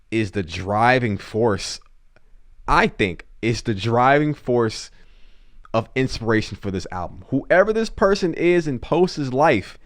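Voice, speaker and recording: A man with a fairly low voice talks through a music reaction in loose, slangy commentary. He is earnest and often addresses the artist directly. The sound is dry and close, with little room. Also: dry recording.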